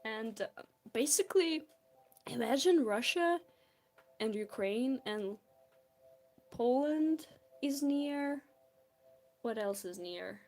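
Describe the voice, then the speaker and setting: A young Belarusian woman with a Belarusian accent draws on a stream as an art streamer, chatting casually with viewers and giggling. Her voice is fairly high and a little mellow.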